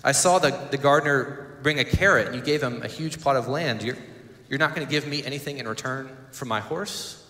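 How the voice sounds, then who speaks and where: A man's voice: mid-range voice, brisk, bright, forceful tone. A man voicing a proud, scheming nobleman who boasts and demands a reward. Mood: boastful. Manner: boastful, then indignant. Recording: echoey church hall.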